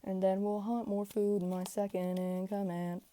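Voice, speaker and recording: A woman voicing a homesick, determined male ship captain in a plain, flat delivery close to her own voice. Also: medium pitch, measured pace, a little hiss or hum, natural voice.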